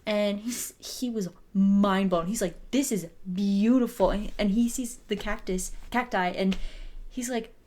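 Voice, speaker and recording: A woman's voice: mid-range voice, fairly even intonation, measured pace, a little mellow. A woman in her twenties from Arizona, co-hosting a podcast and chatting casually, sometimes reading listener stories aloud. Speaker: podcast co-host. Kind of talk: casual chat.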